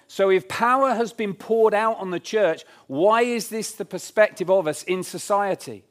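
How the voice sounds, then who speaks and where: A man's voice: sits high, moderate pace, hardly any pauses. A man preaching a sermon in church, earnest and emphatic, repeating his key lines. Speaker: pastor.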